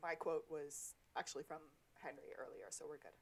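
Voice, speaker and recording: A woman's voice: low-pitched, steady tone, fairly quick. A woman co-hosting a podcast, recapping a TV episode in casual, rambling chat. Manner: chatty, rambling, self-correcting. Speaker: podcast co-host.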